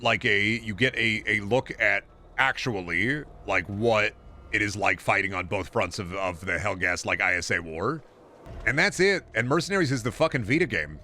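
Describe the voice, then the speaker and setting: A man's voice: medium pitch, sharp tone, a little hiss or hum. A man streaming a video game, rambling through sarcastic commentary with mock-folksy asides. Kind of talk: casual gameplay commentary.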